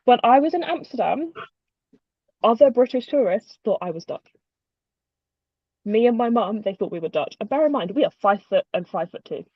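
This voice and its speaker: A woman's voice: on the high side, animated, moderate pace, pauses often, no echo. British woman host, rambling chat, plenty of ums, dry lo-fi recording. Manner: rambling and chatty, with many ums and laughs. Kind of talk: casual chat on a livestream.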